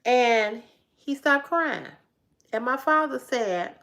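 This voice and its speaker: A woman hosting a live stream, telling a family story in a blunt, profane, animated way and talking back to her chat. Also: on the high side, slow. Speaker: livestream host.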